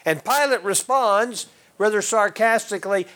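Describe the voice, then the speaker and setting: A man's voice: high voice, moderate pace, sharp tone. A man teaching a Bible class, quizzing his listeners and calling on them by name. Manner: questions the class and calls on members by name.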